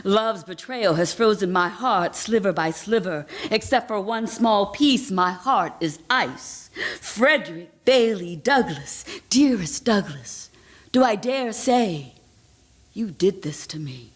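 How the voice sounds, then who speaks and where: A woman voicing a dying German woman writer in her fifties, with a German accent and crisp, sharp consonants. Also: medium pitch, lively intonation, slow pace. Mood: bitter, wistful. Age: 50s.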